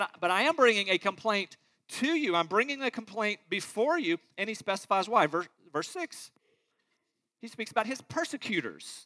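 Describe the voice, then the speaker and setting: A middle-aged pastor preaches earnestly in a high, bright, forceful voice. He hits key words loudly and drops into quiet, low asides, sounding sincere throughout.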